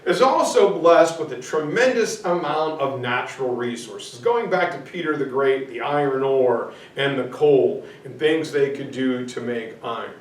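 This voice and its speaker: Slow, chatty male history teacher. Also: mid-range voice, animated. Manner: chatty, informal, jokey asides. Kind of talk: casual classroom lecture. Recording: echoey room, mic far off.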